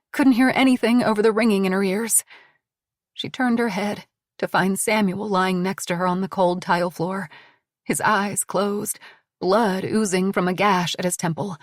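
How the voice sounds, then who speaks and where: A woman's voice: mid-range voice, no room sound, clean studio sound. Woman narrating a tense thriller audiobook. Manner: dramatic, tense storytelling.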